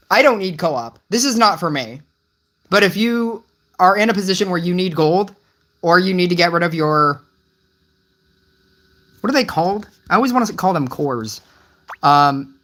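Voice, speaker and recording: A mobile game streamer chatting live with viewers, rambling and puzzled, with many restarts and gentle teasing of the chat. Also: medium pitch.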